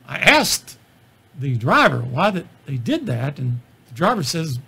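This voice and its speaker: A man's voice: on the high side, gravelly, breathy edge. A middle-aged man, a physician, telling self-deprecating travel stories as examples in a talk on comedy. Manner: self-deprecating storyteller, relaxed asides. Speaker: physician lecturing on stand-up comedy. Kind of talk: anecdotal presentation.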